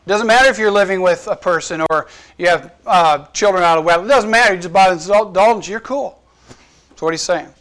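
A man's voice: high voice, fast talker, fairly bright tone. A man teaching a Bible class on church history in a conversational way, putting old quotes into plain words and putting questions to his listeners.

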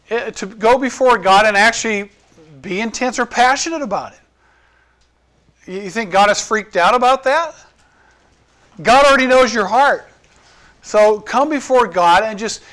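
High-voiced man preaching earnestly. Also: fairly bright tone. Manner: earnest, conversational preaching with restarts and audience questions. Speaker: pastor. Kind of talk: sermon.

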